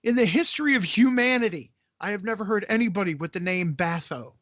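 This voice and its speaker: A man's voice: high-pitched, expressive, quick pace, a bit bright, no room sound, dull audio. A man hosting a casual movie-riff chat, ranting and swearing in exasperation. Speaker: podcast host.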